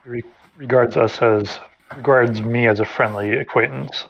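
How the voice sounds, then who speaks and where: Calm man playing peacemaker at the table. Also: medium pitch, measured pace, creaky, muffled recording. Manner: calm, conciliatory. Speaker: player. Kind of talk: casual tabletop play.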